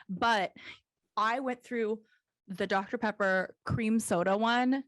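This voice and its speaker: A woman's voice: fairly high pitch, takes it slowly, a bit bright, no echo. A woman co-hosting a casual podcast chat, candid and playful, laughing at her own jokes. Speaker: podcast co-host.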